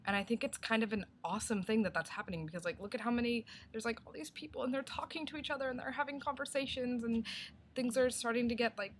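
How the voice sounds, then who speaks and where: Rambling young woman vlogger, soft hiss. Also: on the high side, fast. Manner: rambling, heavy use of "like", thinking aloud. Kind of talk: casual video response.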